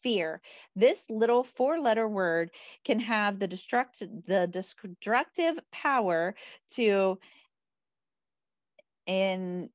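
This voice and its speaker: A woman's voice: medium pitch, lively intonation, slow pace, pauses often, dry recording, clean studio sound. A woman in a casual group chat who reads a book aloud, laughing often and stumbling over words. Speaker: book club member.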